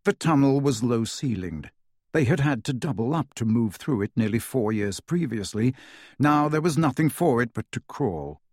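A man's voice: medium pitch, expressive, moderate pace, a little mellow, no room sound, clean studio sound. A man narrating an audiobook dramatically, with varied pacing.

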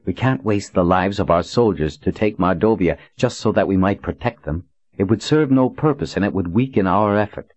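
A man voicing a level-headed woman officer who speaks calmly and firmly, sometimes under her breath. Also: sits low, normal speed, no room sound. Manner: calm, firm, sometimes hushed. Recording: dull dry recording.

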